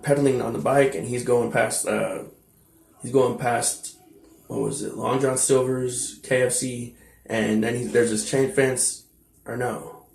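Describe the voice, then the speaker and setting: Gravelly young man rambling through a story. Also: mid-range voice, a little mellow, echoey room. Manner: meandering, full of fillers and asides, blunt. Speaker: vlogger telling his life story.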